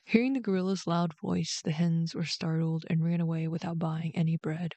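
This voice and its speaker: A woman with a slightly gravelly voice reads a bedtime story aloud, gentle and steady. The sound is dry and close, with no room around it. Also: low-pitched, moderate pace, dry recording. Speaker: storyteller host.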